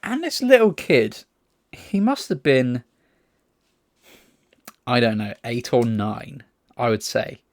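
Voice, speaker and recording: A man's voice: mid-range voice, huge pitch swings, slow pace, long pauses, no room sound. Male co-host from England, casual anecdotal delivery, swears, dry sound. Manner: chatty anecdotes with swearing and laughter. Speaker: podcast co-host. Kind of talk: casual chat.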